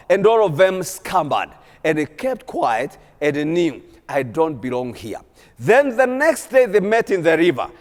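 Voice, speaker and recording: Animated preacher in a hall. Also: male voice, high voice, measured pace, few pauses. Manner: animated, repetitive exhortation. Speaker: pastor. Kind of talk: sermon. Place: church hall. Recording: long church hall reverb.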